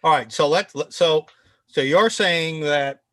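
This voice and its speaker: A man's voice: a little high, measured pace, fairly bright tone, no room sound, clean studio sound. A man hosting a political talk show over a video call, opinionated and sarcastic, rambling between points. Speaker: show host.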